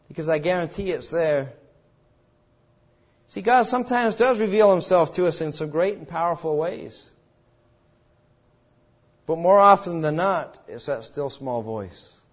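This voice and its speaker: Earnest preaching man, slightly high voice. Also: muffled recording. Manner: earnest preaching with repeated pleading questions. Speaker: pastor. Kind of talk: sermon.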